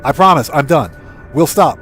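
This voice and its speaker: A man's voice: fairly high pitch, animated, normal speed, fairly bright tone, soft background music. A man streaming a game live, telling dad jokes, laughing at his own punchlines and reading chat messages aloud.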